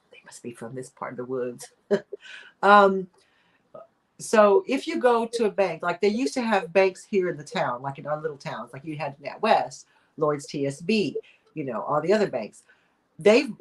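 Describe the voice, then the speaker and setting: A woman hosting a casual live-stream chat, talking in a rambling way with lots of fillers and little laughs. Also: on the low side. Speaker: host of a live chat show.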